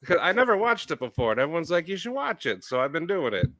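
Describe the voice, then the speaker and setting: Bright-voiced laid-back man. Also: fairly high pitch, very animated, quick pace, no echo. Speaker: co-host. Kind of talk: casual livestream chat.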